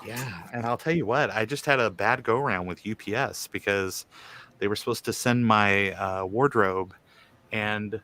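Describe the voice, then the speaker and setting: A man in his thirties or forties chatting casually on a video call, deadpan and joking, spinning rambling tall tales. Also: on the low side, a little slow. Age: 30s to 40s. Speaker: guest on a livestream.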